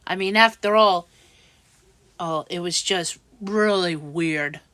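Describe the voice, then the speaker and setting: A woman's voice: on the low side, slow, bright, forceful tone, no room sound. A woman vlogger in a casual monologue, venting in an upset, rambling way with many restarts and self-corrections.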